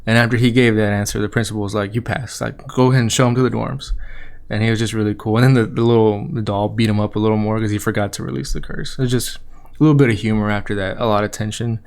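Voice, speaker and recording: A man's voice: fairly low pitch, fairly even intonation, fast, vocal fry, clean tone. A man hosting an anime review podcast, casually retelling an episode in a loose, rambling way with the odd light chuckle.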